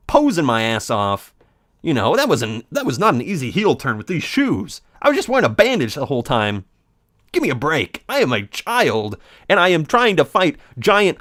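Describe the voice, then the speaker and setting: Male let's play host, theatrical rambler, very animated delivery. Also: mid-range voice, dry recording, clean studio sound. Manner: theatrical, rambling, mock-dramatic.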